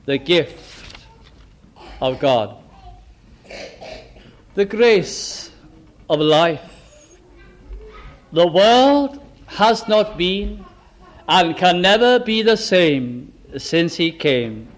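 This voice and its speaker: A man preaching a sermon with fervour, asking the listeners question after question and slowing right down to stress key phrases. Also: sits high, big pitch swings. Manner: fervent, asks the listeners many rhetorical questions.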